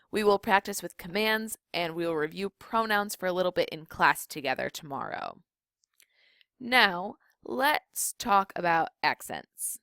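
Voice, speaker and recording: A young woman teaching a recorded video lesson, explaining rules clearly and slowing down on key points. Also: lowish voice, fairly bright tone, no room sound, studio quality. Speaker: Spanish teacher.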